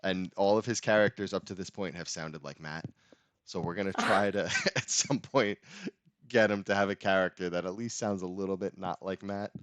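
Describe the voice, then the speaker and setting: Deep-voiced young man, laughing and rambling. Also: fairly even intonation, moderate pace, a bit bright, no echo. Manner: laughing, rambling, swears casually. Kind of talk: casual chat.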